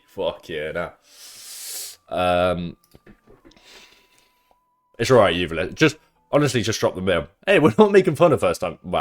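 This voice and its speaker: A young man with a low, deep voice talks casually to his livestream chat from his home setup. He rambles between tasks, swears freely and teases the viewers in an offhand way. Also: fairly bright tone.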